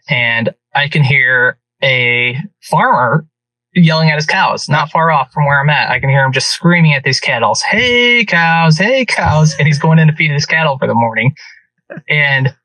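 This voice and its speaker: A man, a guest on a podcast, telling a hunting story in casual and animated speech. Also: mid-range voice, moderate pace, no room sound. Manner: animated, vivid retelling. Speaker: guest hunter. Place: podcast studio. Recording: distant from mic, dry.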